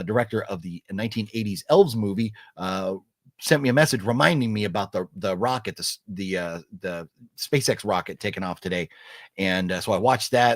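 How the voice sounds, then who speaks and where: A man hosting a casual live chat, reading out chat messages as he goes, animated and rambling, with many fillers and restarts. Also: mid-range voice, dry recording, clean studio sound. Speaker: livestream host reading chat.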